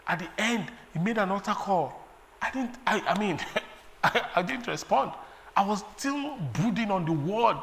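A man from Nigeria preaching a sermon in a lively way, laughing often and breaking into sung refrains. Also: high voice.

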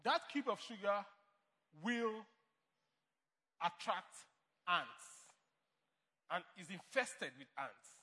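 A man's voice: sits high, sing-song, slow, long pauses, bright, forceful tone, slightly rough, big-room sound. A man preaching a sermon as pastor to a church congregation, emphatic and playing out imagined replies. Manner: emphatic preaching, mock dialogue.

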